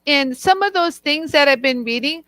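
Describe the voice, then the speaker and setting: A woman's voice: sits high, animated, moderate pace, bright, forceful tone, no echo. A woman co-hosting a casual chat show, chatty, playful and encouraging. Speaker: co-host.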